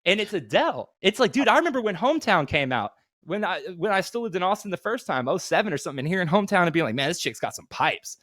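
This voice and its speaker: A man's voice: high voice, sing-song, very fast, few pauses, a bit bright, no echo, studio quality. A man co-hosting a podcast, talking casually in a rambling, profane, storytelling way. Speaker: podcast co-host. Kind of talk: casual chat.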